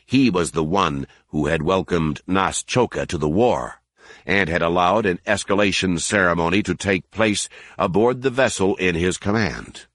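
A male narrator with a very deep voice, reading a novel in a measured, even way. The sound is dry and close, with no room around it. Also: dry recording. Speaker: audiobook narrator. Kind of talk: scripted narration.

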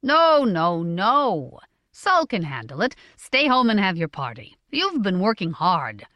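A woman's voice: mid-range voice, huge pitch swings, a little slow, fairly bright tone, dry recording. A woman voicing a hearty, blustery merchant in his mid-forties who teases his family, in a dry recording. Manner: blustery, teasing.

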